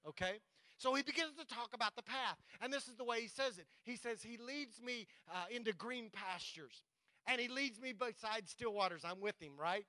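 A man preaches a sermon in a high, ringing voice. He slows right down to read scripture with weight, then speaks plainly and directly to his congregation. The sound is close and dry, with no room echo. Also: bright, forceful tone. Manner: preaching, reads scripture slowly and emphatically, talks directly to the congregation. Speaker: pastor.

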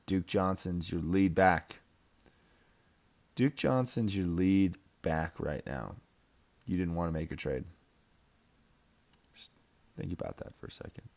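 A young man in a fantasy football league gives a casual, rambling recap packed with trash talk and laughter. His voice sits low, creaky and a little mellow.

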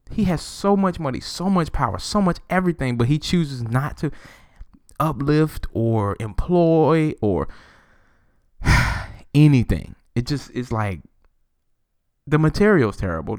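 A man hosting his own podcast, ranting solo in a profane, animated way and laughing often. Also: fairly high pitch, dry recording, clean studio sound. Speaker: podcast host.

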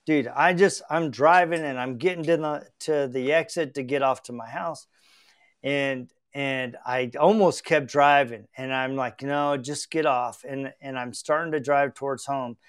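A middle-aged man speaks in an unhurried, measured way, his voice clean and rounded. He hosts a podcast and tells a personal story with heartfelt sincerity, often restarting his sentences as he reflects. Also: mid-range voice, smooth. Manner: earnest and reflective, with frequent restarts. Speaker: podcast host.

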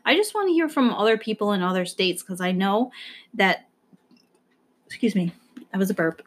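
A woman's voice: medium pitch, sing-song, fast talker, slight background noise. A young woman from the New York area, co-hosting a podcast in casual chat, rambling anxiously and swearing now and then. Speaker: podcast co-host.

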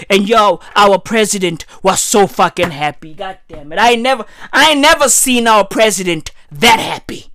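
A woman, delivering a profane comic rant full of "bruv" and "right?", her voice swinging high and low. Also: lively intonation, moderate pace, hardly any pauses, fairly bright tone, no room sound, clean studio sound. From South Africa.

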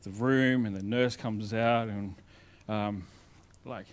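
A male pastor preaching a sermon in a conversational storytelling way, moving between loud emphasis and quiet asides. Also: fairly low pitch, steady tone, slow.

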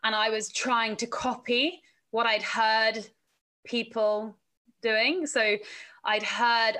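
Her pitch is fairly high and her tone pushed and bright, with fairly even intonation and a measured pace. She's an English woman who presents and reports, appearing as a podcast guest to chat about her work, laughing often and acting out others' words.

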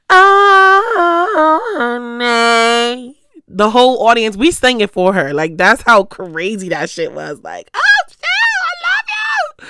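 A vlogger chatting to the camera about recent outings, swearing freely and telling stories in an animated, gossipy way, close to a stand mic in a small room. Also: mid-range voice, clean tone, no room sound. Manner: animated, profane, gossipy storytelling. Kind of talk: casual chat to the camera. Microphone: stand mic close to the speaker.

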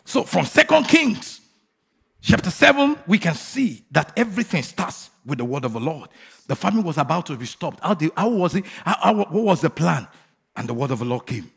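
Male pastor, high husky voice, fervent sermon delivery that rallies the congregation to shout along. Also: very animated, a little fast. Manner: asks the crowd rhetorical questions.

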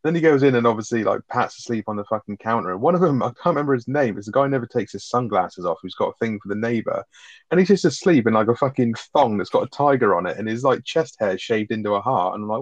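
A man's voice: medium pitch, expressive, quick pace, no echo, lo-fi sound. A man co-hosting a podcast, chatting casually and retelling film scenes with lots of swearing. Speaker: podcast co-host reviewing a film. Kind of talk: casual chat.

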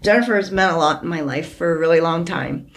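A woman hosting a podcast, talking with a close friend in an emotional, heartfelt way, teary and halting at times. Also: lowish voice. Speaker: podcast host. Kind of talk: emotional casual chat.

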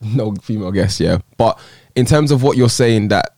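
A man's voice: lowish voice, normal speed, a little mellow, no room sound. A man hosting a casual podcast, asking loose, slangy questions. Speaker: podcast host.

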